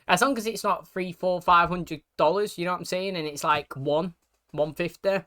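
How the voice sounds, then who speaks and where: Chatty man with a bright voice. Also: high-pitched, normal speed. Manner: chatty, repeats "you know what I mean". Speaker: reaction video host. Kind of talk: casual reaction commentary.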